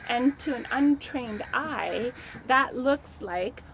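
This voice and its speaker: A woman from the school staff, explaining children's behaviour in a measured way during a documentary interview. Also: high-pitched, lively intonation, a bit bright, a little hiss or hum, poor audio. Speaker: school educator.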